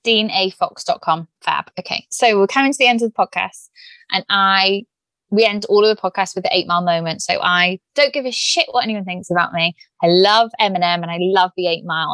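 A woman's voice: lowish voice, a little fast, a bit bright, dry recording. A British woman hosting a podcast interview, chatty, blunt and teasing with her guest. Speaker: podcast host.

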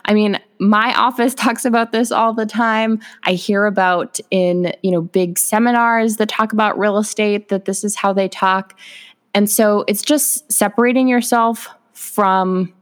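A woman's voice: medium pitch, steady tone, unhurried, clean tone. A woman hosting a motivational podcast, talking directly to realtors in an upbeat, encouraging way. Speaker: podcast host, realtor coach.

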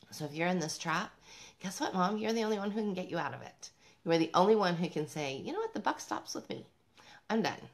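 A woman whose voice sits low and sounds a bit bright gives a motivational talk to camera. She's a parenting vlogger, upbeat and emphatic, speaking straight to other moms and laughing between her points.

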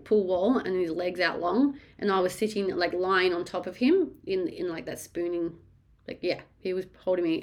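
A woman candidly recounting her birth story, frank and animated, swearing freely. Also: medium pitch.

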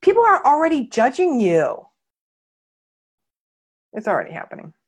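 A woman's voice: high voice, wildly swooping pitch, normal speed, husky. A woman coaching her clients in a candid training talk, emphatic and blunt, and she swears freely. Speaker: marketing coach.

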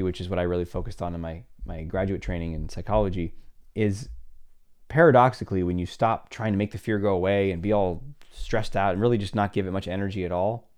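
A man's voice: low voice, darkish tone. A man in his forties, a confidence coach and podcast host, talking casually on his own and acting out quoted dialogue in shifting voices. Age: 40s. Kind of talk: casual solo podcast talk.

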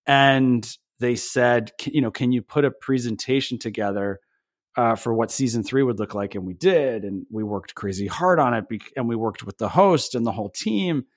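A man's voice: mid-range voice, moderate pace, dry recording, clean studio sound. A man, a TV show creator, talking earnestly and emotionally as a podcast guest, often restarting his sentences. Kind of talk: conversational podcast interview.

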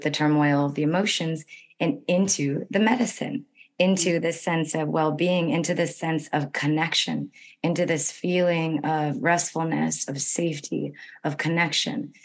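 Hoarse, low-voiced woman healing practitioner. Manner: calm, flowing, gently spiritual wording. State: hoarse, losing her voice. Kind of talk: conversational explanation.

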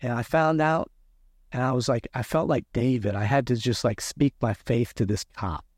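A man telling his own story in an interview, animated and acting out the dialogue he quotes. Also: medium pitch, normal speed, dry recording, studio quality. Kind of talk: conversational storytelling.

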